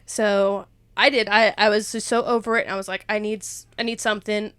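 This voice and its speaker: A woman's voice: medium pitch, level tone, fairly quick, fairly bright tone, smooth, dry recording. A young woman, rambling and emotional as she opens up in a casual faith chat, laughing often. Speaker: podcast co-host.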